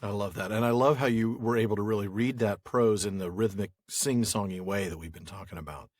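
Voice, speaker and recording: A man co-hosting a podcast, chatting in a relaxed, agreeable way and joking along. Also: fairly low pitch, a little fast, no room sound. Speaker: podcast co-host. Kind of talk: casual discussion of literature.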